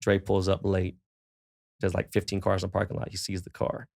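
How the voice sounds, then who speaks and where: Gravelly, low-voiced man telling stories. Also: completely flat delivery, fairly quick, darkish tone. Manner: profane, laid-back storyteller who acts out quoted dialogue. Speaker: guest. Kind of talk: casual storytelling in a podcast interview.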